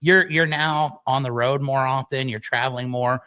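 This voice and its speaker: A man's voice: mid-range voice, steady tone, normal speed, sharp tone, clean tone. A man hosting a podcast interview who gives short encouraging replies and often restarts his questions. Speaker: podcast host. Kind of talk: casual interview.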